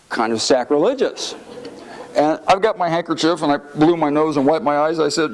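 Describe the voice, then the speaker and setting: A middle-aged former congressman tells stories to an audience, raising his voice to act out the quotes. His pitch is fairly high and his pace moderate, and the recording quality is low.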